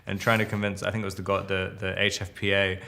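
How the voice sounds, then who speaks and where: A man's voice: low-pitched, monotone, fast, gravelly, sharp tone. A man being interviewed about his acting roles, rambling and amused at himself, restarting his sentences often.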